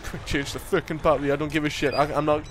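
A man commentating a horror game as he plays, muttering and swearing, then breaking into panicked shouts. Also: on the high side, little pitch movement, fast, slight background noise. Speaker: gaming commentator.

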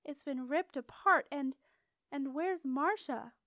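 A woman's voice: high voice, slow pace, sharp tone, dry recording, clean studio sound, pitched above the performer's own voice, full character voice. A woman reading an earnest young boy apprentice wizard in a storybook reading. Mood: alarmed.

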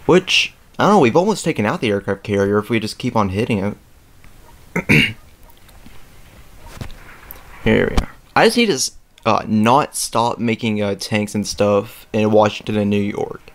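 A young man hosting a let's play, rambling casually with lots of fillers and throat clearing as he plays a strategy game. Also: on the low side, moderate pace, pauses often. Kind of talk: casual gameplay commentary. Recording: faint game music behind.

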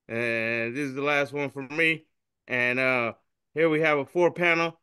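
Man, podcast co-host, animated, profane, smooth bright voice, dry close mic. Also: medium pitch, moderate pace, no echo. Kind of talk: casual podcast chat reading memes aloud.

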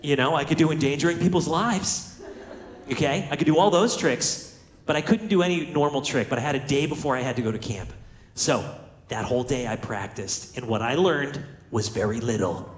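A man's voice: mid-range voice, fairly quick, roomy sound. A man telling a funny, self-mocking childhood story to an audience, acting out the voices in it. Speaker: motivational speaker. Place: large room with audience.

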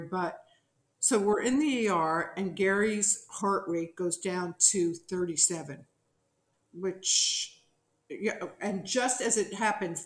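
A middle-aged woman from New Jersey, a podcast guest telling a story in a lively, animated way and acting out the people in it. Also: fairly low pitch. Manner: animated storyteller who acts out quotes. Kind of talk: casual storytelling interview. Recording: roomy echo.

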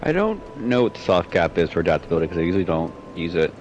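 A man's voice: sits low, sing-song, fast, slight background noise. A young man chatting on a game stream, teasing his friend and giving game advice over a dull lo-fi voice chat mic. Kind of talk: casual chat while gaming.

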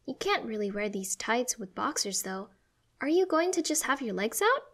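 A woman's voice: on the high side, very animated, normal speed, voice pushed up, full character voice. A woman voicing a cheerful, caring teenage girl who fusses over her sibling in a read-aloud story. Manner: bright, eager, fussing. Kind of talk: storybook reading.

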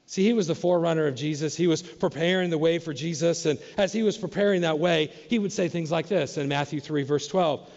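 A man's voice: on the high side, moderate pace, a little mellow, big-room sound, dull audio. A man preaching a sermon as pastor, speaking with animation and acting out questions in a raised voice. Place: church sanctuary.

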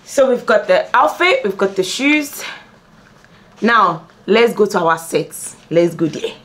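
A woman's voice: medium pitch, animated, takes it slowly, fairly bright tone. A young woman in a casual behind-the-scenes vlog, chatting playfully to her viewers while getting ready at home. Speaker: beauty and lifestyle vlogger. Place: at home, among her filming lights.

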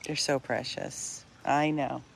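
A woman's voice: rumbling low, little pitch movement, slow, vocal fry. A middle-aged woman from a dog rescue chatting casually in a backyard while filming on her phone. She is chatty and often trails off mid-sentence. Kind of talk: casual vlog chat.

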